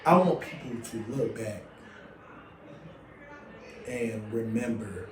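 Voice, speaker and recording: A man's voice: fairly low pitch, expressive, slow pace. A man speaking as a guest on a casual faith podcast, heartfelt and reflective. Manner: heartfelt, reflective, exclaims softly. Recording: roomy sound, mic at a distance, audible noise.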